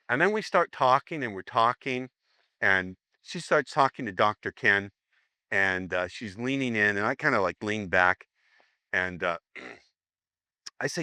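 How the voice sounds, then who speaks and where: A man's voice: on the low side, lively intonation, fairly quick, sharp tone, no echo. A man teaching a seminar, telling a story in a chatty, playful way and acting out the dialogue. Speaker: seminar instructor. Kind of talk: storytelling to a live seminar audience.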